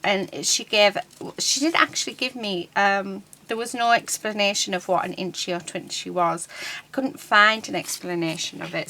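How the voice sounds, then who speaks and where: A woman's voice: on the low side, sharp tone, poor audio. A middle-aged woman chats casually while she crafts at her desk at home. She rambles and fills her talk with ums. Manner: chatty, rambling, many ums. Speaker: crafting channel host.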